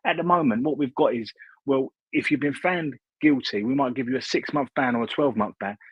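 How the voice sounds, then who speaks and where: A man's voice: mid-range voice, brisk, slightly rough, no room sound. A man co-hosting a podcast, laying out his argument point by point in casual chat. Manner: earnest, lays out arguments point by point. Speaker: podcast co-host. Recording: dull, lo-fi remote mic.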